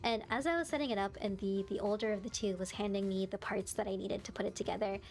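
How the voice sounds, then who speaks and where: A young adult woman streamer in casual live-stream chat, telling stories in an animated way and laughing often. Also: mid-range voice, fast, soft background music.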